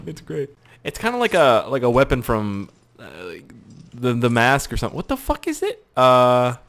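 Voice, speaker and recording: Faint music plays behind a young Canadian gaming YouTuber with a slightly high voice and a moderate pace. His gameplay commentary is crude and joking, heavy on swearing, with lively bursts of excitement.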